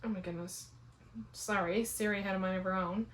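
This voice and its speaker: A young woman telling a rambling, animated story in a casual vlog, full of "like" fillers. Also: mid-range voice, brisk. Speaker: fitness vlogger. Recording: roomy echo.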